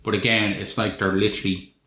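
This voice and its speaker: A man with a low, bright, tense voice, talking casually and swearing freely as he picks apart a film scene. He sounds like he's in an echoey room with a faint hiss behind him. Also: little pitch movement, fast talker. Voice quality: sweary, wry storytelling. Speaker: podcast co-host. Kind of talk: casual film review chat.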